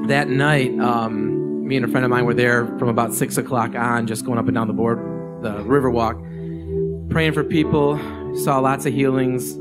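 A man telling a story at a live gathering. He speaks into a microphone in a relaxed, conversational way, with many fillers and restarts. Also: medium pitch. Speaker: speaker sharing a testimony. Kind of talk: casual spoken storytelling.

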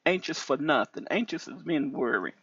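A woman minister giving an animated testimony over a phone call, preachy and repetitive, her voice leaping high when excited. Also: moderate pace, slightly rough, no echo. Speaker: deliverance minister. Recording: dull lo-fi call audio.

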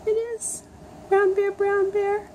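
A woman's voice: very high voice, level tone, slow pace, darkish tone, a little hiss or hum. A young woman reading a picture book aloud to a baby in gushing, sing-song baby talk, full of exaggerated wonder.

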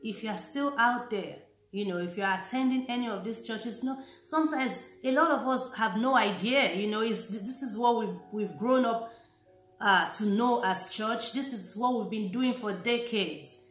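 A woman's voice: on the high side, normal speed, a bit bright, roomy sound, faint music behind. A woman talking casually and earnestly to fellow Christians, repeating her key points as she warns them. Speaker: Christian vlogger. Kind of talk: casual talk to camera.

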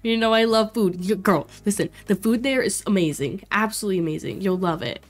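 A young woman from Florida streaming a life sim game, chatting casually with her viewers, reacting loudly and laughing often. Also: medium pitch, a little fast. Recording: faint music behind.

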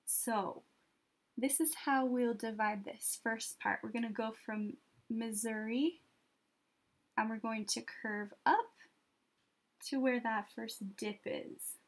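A woman leads a children's drawing lesson in a patient, encouraging way. Her voice sits a little high, and she talks slowly, pausing between steps as she draws. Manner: slow, patient, gently encouraging. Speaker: art teacher.

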